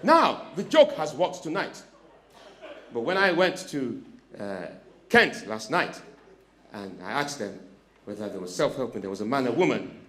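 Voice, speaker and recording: Lively, bright-voiced man. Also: medium pitch, unhurried, pauses often. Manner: teasing, audience-baiting, swings between hushed asides and shouts. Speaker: stand-up comedian. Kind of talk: stand-up comedy set. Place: comedy club stage with live audience.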